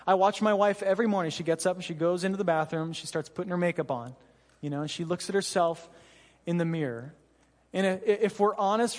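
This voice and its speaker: A man's voice: sits high, big-room sound. A man pastor giving an earnest, conversational sermon to his church, with frequent "you know" asides. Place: church hall.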